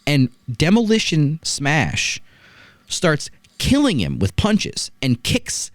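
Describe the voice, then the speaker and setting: Animated man reviewing a wrestling match. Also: fairly high pitch, takes it slowly, no echo. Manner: animated storytelling, rhetorical "right?" asides. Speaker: wrestling podcast host. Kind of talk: casual review chat.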